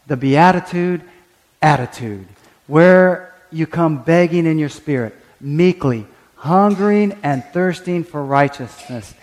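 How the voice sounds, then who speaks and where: A man's voice: a little high, in a large hall. A man preaching a sermon as pastor, acting out quoted prayers and often restarting his words. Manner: animated, acts out quoted prayers and voices; frequent stammered restarts.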